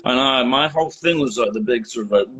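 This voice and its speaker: A man's voice: medium pitch, low-quality recording. A man in his forties chatting casually and joking at his own expense on a video call from home. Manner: joking, self-mocking. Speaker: director hosting a watch party. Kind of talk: casual chat.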